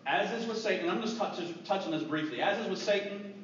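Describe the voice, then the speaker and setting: A man preaching a sermon as a pastor, telling stories earnestly and dropping to a hush for grave moments. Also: high-pitched, animated, a little fast, slight background noise. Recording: distant, echoey, dull church recording.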